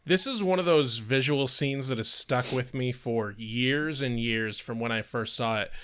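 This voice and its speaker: A man's voice: medium pitch, sharp tone, clear, resonant tone. A man co-hosting a podcast, reviewing an episode in a casual, joking, chatty way. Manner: joking, chatty, quick asides. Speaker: podcast co-host.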